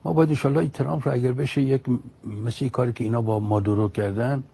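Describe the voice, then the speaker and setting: A man's voice: medium pitch, steady tone, rapid-fire, vocal fry, mellow, breathy edge. A man from Iran, speaking as a guest on a state television broadcast, delivers mocking jokes in a sarcastic tone.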